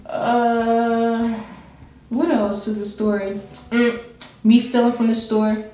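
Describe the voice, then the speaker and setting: A woman's voice: on the high side, little pitch movement, slow pace, mellow, slight background noise. A young woman telling a personal story in casual chat, rambling and laughing as she goes. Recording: very echoey room with faint music.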